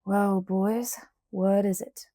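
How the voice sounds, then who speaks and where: A woman reader voicing a calm, firm frontier father who speaks quietly to an angry crowd. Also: medium pitch, slow, dry recording, clean studio sound. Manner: quiet and cool.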